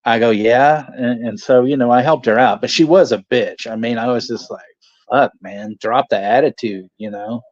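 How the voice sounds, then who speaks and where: A man's voice: medium pitch, normal speed, dry recording. A man telling casual anecdotes on a watch party stream, laughing often and swearing freely. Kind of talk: casual storytelling chat. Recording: dull lo-fi dry sound.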